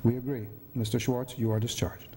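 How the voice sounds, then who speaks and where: A man's voice: mid-range voice, little pitch movement, fairly quick, mellow, big-room sound, a little hiss or hum, pitched below the performer's own voice, natural voice. An older man giving a dramatic reading of a play, voicing a dry, impatient male psychiatrist who speaks in clipped lines. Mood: curt. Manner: curt, clinical.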